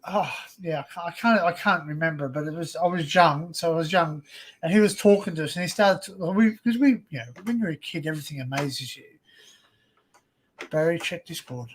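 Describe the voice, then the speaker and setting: An Australian man with a high voice hosting a casual live stream chat, rambling and restarting his sentences often. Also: a little fast, slight background noise, rough recording. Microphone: desktop USB mic.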